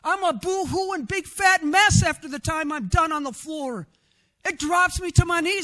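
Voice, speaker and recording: A man preaching a sermon in an expressive way, sometimes getting loud and often adding a questioning "right?" to his points. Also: very high-pitched, normal speed. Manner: rhetorical "right?" asides.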